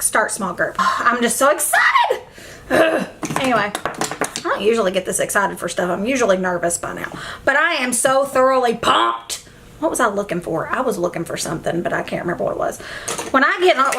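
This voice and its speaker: A young woman with a somewhat high voice talks in a loose get-ready-with-me chat at home. She is emotional and effusive, and she rambles between thoughts. She speaks into a camera set up in front of her. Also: bright, forceful tone, a little hiss or hum. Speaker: beauty vlogger. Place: at home, indoors.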